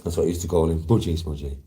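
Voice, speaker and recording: A man with a very deep voice chats casually with his viewers. He swears freely and wanders through long, rambling anecdotes. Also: mellow.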